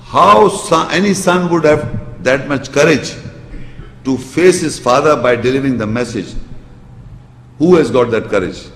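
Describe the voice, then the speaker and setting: A man's voice: medium pitch, a little slow, pauses often. Emphatic male lecturer in an echoing hall. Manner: emphatic, recites Arabic verses. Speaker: Islamic lecturer. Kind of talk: religious lecture. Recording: echoey hall reverb.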